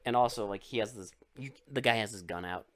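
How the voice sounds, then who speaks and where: A man co-hosting a podcast, recapping a movie in casual, profane, animated chat and acting out scenes. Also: lowish voice, fast, no room sound. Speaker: podcast co-host.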